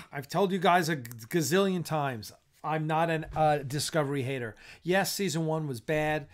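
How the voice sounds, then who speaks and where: A man's voice: a little high, moderate pace. A man hosting a casual live-stream chat. He sounds tired and yawns, and he gives blunt, opinionated takes. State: tired and yawning.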